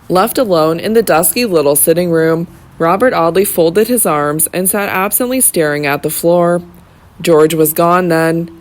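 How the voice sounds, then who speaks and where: An audiobook narrator reading a classic novel in steady, even scripted narration. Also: mid-range voice, normal speed.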